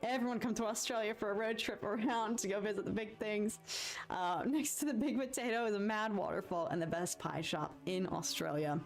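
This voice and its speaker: A young woman with a light Detroit accent rambles through stories on a casual live stream, giggling often as she draws. Her pitch sits in the middle, and soft music plays quietly behind her. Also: a little fast. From United States. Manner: chatty, giggly, rambling storyteller. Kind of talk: casual chat while drawing.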